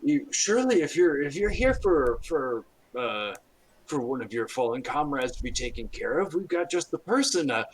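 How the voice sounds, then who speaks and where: A man's voice: fairly high pitch, very animated, normal speed, slight background noise, pitched above the performer's own voice, rough recording. A man voicing a fussy, eager-to-please male priest who stammers apologetically. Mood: flustered.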